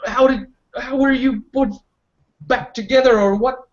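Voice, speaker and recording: A man voicing an overjoyed male werewolf who yelps, stammers and repeats himself in high, breathless bursts. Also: steady tone, a little slow, close to an everyday voice. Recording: muffled lo-fi audio.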